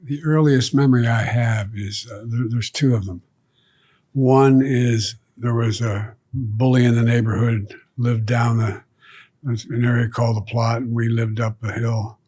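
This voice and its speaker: Older man, husky voice, halting storyteller, many restarts, interview guest seated indoors. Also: medium pitch, a little mellow.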